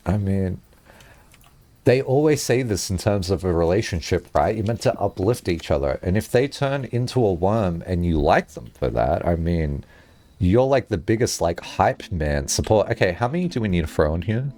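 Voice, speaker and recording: Lively, rambling young male streamer. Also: sits low, normal speed, dry recording. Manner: rambling comedic tangents, laughing often. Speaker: game streamer. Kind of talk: casual live-stream commentary.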